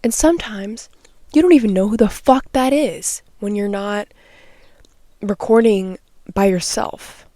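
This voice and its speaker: A young woman is recording a morning vlog in her nook at home, talking straight into the camera. She rambles, gets heated and swears a lot. Her voice sits at a middling pitch, and the sound is dry and close with no room echo. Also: measured pace, warm tone. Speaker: vlogger and artist. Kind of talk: unscripted morning vlog rant.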